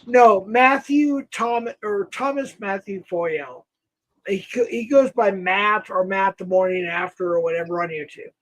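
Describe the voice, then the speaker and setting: Guy on a live stream talking real slow, stumbling and restarting a lot. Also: high voice, fairly bright tone, low-quality recording. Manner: slow, halting, many restarts and fillers. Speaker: livestream guest. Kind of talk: casual live-stream chat.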